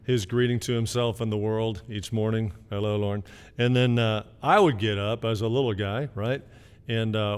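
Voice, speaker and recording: A middle-aged man from Canada, telling stories about his parents in a casual video greeting, with lots of fillers and pauses. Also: lowish voice, clear, resonant tone, long reverb tail. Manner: rambling storytelling with many fillers. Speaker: son giving an anniversary message.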